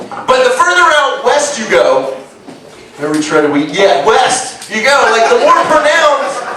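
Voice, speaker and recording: A man's voice: extremely high pitch, big pitch swings, a little slow, a little hiss or hum. A man with a Baltimore accent doing a crude, self-mocking stand-up set, bantering with the crowd at a live comedy show. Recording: echoey live club from far off, loud crowd.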